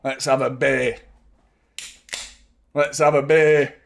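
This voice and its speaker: Excitable football fan. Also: male voice, medium pitch, slow, vocal fry. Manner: excitable, swearing, chanting along. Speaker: fan channel host. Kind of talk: live football watchalong commentary.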